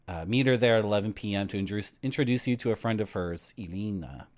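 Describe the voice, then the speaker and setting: Male streamer, lively pitch, casual rants, reads game text aloud. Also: fast. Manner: ranting, lively. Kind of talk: gameplay commentary and reading game text aloud.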